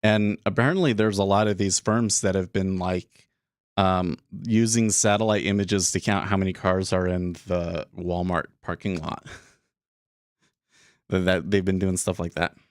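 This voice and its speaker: A man's voice: deep voice, fairly even intonation, measured pace, dry recording, studio quality. A man hosting a day trading livestream, talking casually and thinking aloud with many restarts, a little out of breath. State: slightly out of breath. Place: small closed room.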